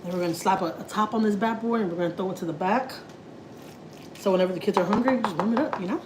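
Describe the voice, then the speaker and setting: Texan woman, live home-kitchen cooking chat, slangy, mid-pitched, recorded on a phone. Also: rapid-fire, noisy background. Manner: chatty, slangy, laughing asides. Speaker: family vlogger.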